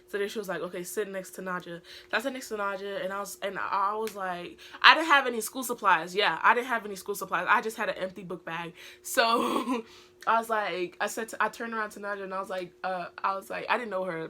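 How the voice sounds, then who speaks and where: British teenage girl, rambling storytime vlogger, crisp bright tone, lots of fillers. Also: medium pitch, a little fast. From Britain. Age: teens. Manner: rambling, heavy use of filler words. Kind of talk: casual storytime vlog.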